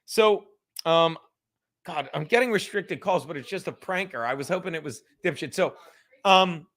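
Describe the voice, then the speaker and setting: A man's voice: on the high side, moderate pace, fairly bright tone. A man in his fifties hosting a casual livestream from home, rambling and swearing, laughing often and sometimes dropping to a whisper. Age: 50s. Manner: rambling, profane, laughing, drinking while talking; drops to a whisper at times. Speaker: livestream host.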